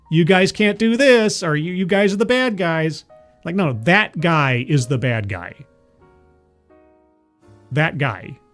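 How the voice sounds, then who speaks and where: A man hosting a political commentary livestream, sardonic and rambling, full of fillers and restarts, who reads viewer chat aloud. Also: on the high side. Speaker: livestream host.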